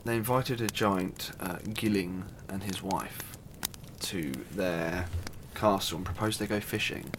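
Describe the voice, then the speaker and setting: A man's voice: deep voice, measured pace, background noise. A man casually retelling a myth, chatty and irreverent, with asides and the odd swear. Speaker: storyteller.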